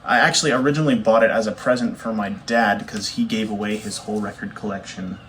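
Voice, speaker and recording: A man's voice: fairly low pitch, fairly even intonation, fast talker, a bit bright, slight background noise. Easygoing young man rambling. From Canada. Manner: rambling, easygoing, self-correcting with fillers. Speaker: bassist showing his record collection. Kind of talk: casual chat to camera.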